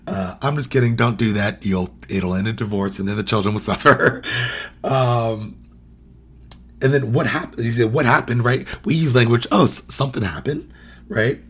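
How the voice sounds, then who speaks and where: Speaking at a normal speed, a male podcast host with a husky, mid-range voice teaches casually. He quizzes the audience, laughs a lot, and performs quoted phrases as he goes.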